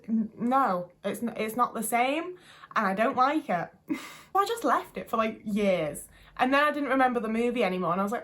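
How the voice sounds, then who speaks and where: A woman's voice: on the high side, animated, fairly quick, fairly bright tone. A young woman chatting to camera in a rambling, gushing way, swearing casually as she goes. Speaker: vlogger.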